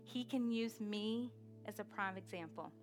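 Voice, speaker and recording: A woman preaching a sermon with energetic call-and-response exhortation. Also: medium pitch, measured pace, over music.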